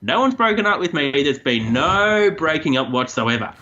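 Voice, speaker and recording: A man's voice: a little high, normal speed, dull audio, a little hiss or hum. A man, co-hosting a podcast and chatting casually about odd news stories. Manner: chatty, animated storytelling. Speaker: co-host.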